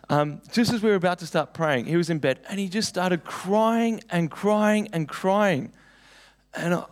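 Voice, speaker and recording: A young man preaching a sermon, telling personal stories in an earnest, conversational way. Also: a little high.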